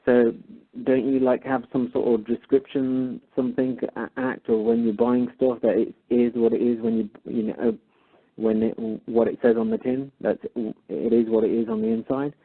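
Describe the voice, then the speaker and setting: A man's voice: medium pitch, little pitch movement, normal speed, breathy edge. A man, calling in and casually retelling a phone call he had, voicing both sides of it. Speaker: caller. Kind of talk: casual storytelling. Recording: tinny phone line.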